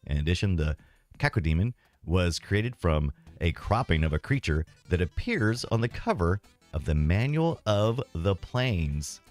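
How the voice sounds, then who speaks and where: A man's voice: sits low, big pitch swings, measured pace, faint music behind. A man streaming retro games, rambling casually and self-deprecatingly as he reads and answers his chat.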